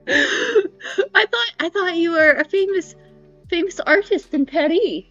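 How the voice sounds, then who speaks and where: A woman's voice: extremely high pitch, animated, slow pace, fairly bright tone. A woman hosting a stream, chatting casually and playing along with giggles. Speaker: streamer host. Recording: dry, dull lo-fi stream audio, faint music.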